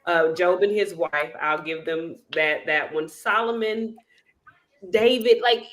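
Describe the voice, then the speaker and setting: A woman's voice: fairly low pitch, slow pace, a bit bright. A woman on a live panel, thinking aloud and questioning with hedges. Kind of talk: casual panel discussion.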